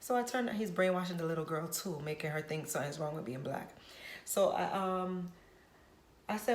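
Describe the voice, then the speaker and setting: A woman's voice: on the low side, expressive, fairly quick. A woman hairstylist telling a story straight to camera in a vlog, emphatic and preachy, repeating her points. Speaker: hairstylist vlogger. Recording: roomy echo.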